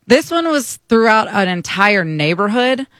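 An American man tells a story on a morning show, chatty and self-mocking, acting out each side of it. His voice sits high and sounds bright and crisp. The sound is dry and close. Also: very animated, measured pace, no echo. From United States.

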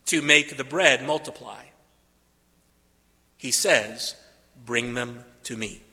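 A man preaching a sermon, deliberate and repeating phrases for emphasis. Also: high-pitched, bright, forceful tone, long reverb tail.

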